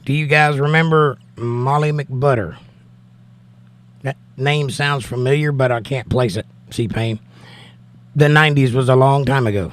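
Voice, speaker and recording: A man's voice: medium pitch, measured pace. A man hosting a livestream, chatting casually and wryly while he reads viewer comments aloud. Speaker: livestream host reading chat. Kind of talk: casual chat.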